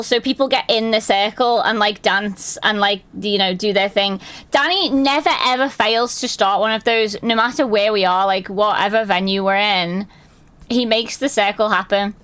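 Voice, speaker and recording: A woman chatting casually on a live stream, telling stories in a lively way and swearing and laughing often. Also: on the high side.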